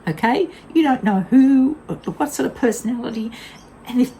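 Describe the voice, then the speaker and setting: A woman's voice: fairly high pitch, normal speed, mellow, a little hiss or hum, poor audio. An older woman tells a casual vlog story in a blunt, candid way, laughing often. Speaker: vlogger.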